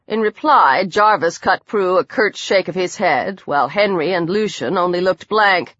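A woman's voice: lowish voice, animated, normal speed, hardly any pauses, a bit bright, dry recording, lo-fi sound. A woman reading a dramatic horror novel aloud as audiobook narrator.

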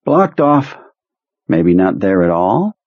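A male audiobook narrator voicing a sick, despairing middle-aged man who speaks in a weak, strained, gasping voice, with a husky tone. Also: deep voice, sing-song, takes it slowly, no room sound, heavily acted. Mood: pained, weary. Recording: muffled lo-fi recording.

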